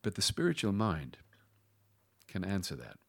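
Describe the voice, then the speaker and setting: A middle-aged man delivers a sermon in a fairly low voice. He drags key phrases out with long dramatic pauses and now and then sinks into a hushed whisper. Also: huge pitch swings, vocal fry. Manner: preaching with dramatic pauses, dropping to a whisper at times. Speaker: pastor.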